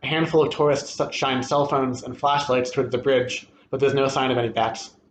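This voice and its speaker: A man reading a first-person short story aloud at a literary event, steady and expressive. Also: mid-range voice, fairly quick, a little hiss or hum. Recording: echoey room with faint ambience.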